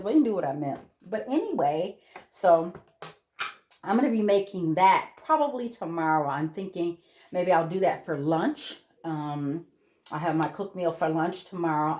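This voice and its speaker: A middle-aged woman from the United States chatting casually in her home kitchen, rambling with many ums and restarts. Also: fairly low pitch. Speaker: cooking vlogger. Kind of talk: casual kitchen vlog chat.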